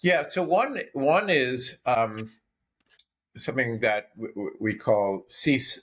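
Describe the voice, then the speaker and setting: A man co-hosting a business podcast, explaining ideas in a halting way with frequent restarts. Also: medium pitch, fairly bright tone, a little hiss or hum. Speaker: podcast co-host.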